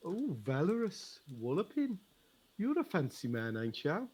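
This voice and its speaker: An actor playing a rough, chummy con man who talks bluntly and schemes for money. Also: on the high side, lively intonation, moderate pace, darkish tone. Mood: scheming.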